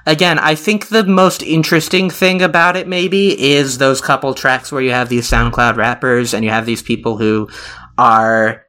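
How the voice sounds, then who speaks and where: A man hosts a casual podcast about an album, and he thinks out loud. He circles back and restarts his sentences, trailing off into fillers, at an average pitch. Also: steady tone, normal speed, clean tone. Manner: rambling, many restarts and fillers. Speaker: podcast host. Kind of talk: casual music podcast chat.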